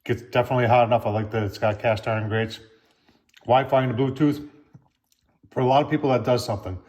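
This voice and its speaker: A man's voice: mid-range voice, steady tone, quick pace, darkish tone. A man hosting his own channel, casually reviewing a gas grill while cooking and chatting to viewers in a folksy way.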